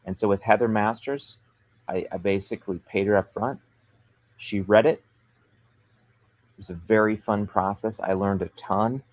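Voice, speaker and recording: A man hosting a livestream, giving business advice in an energetic, emphatic and persuasive coaching manner. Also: fairly low pitch, normal speed, pauses often, dry recording. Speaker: author coach and show host.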